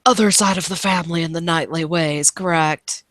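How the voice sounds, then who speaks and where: A woman voicing an old male butler who leans in and speaks in a hushed whisper in a tabletop game. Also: on the low side, steady tone, normal speed, no room sound, studio quality, lightly acted. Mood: secretive.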